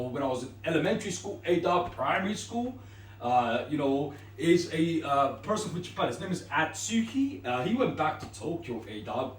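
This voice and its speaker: Slangy guy ranting to the camera, kinda high voice, far from the mic in an echoey room. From Sri Lankan Tamil family. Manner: rambling, slangy, keeps tagging lines with "eh, dog". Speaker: vlogger.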